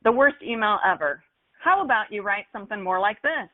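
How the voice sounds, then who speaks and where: A woman giving an upbeat, animated lesson on email copywriting for golf courses, using playful examples. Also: mid-range voice, brisk. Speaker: marketing instructor for golf courses. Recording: phone-like narrow sound.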